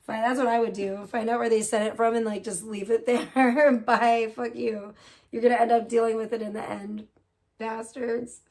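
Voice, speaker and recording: A woman's voice: on the high side, little pitch movement, moderate pace, darkish tone. A woman hosting a casual livestream, gossiping and reacting to chat, swearing freely. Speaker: livestream host.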